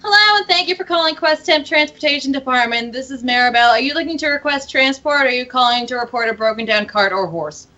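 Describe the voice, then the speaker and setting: A woman voicing a brisk, put-upon female receptionist in a tabletop game, with curt office politeness. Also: high voice, pushed and bright, lo-fi sound. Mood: businesslike.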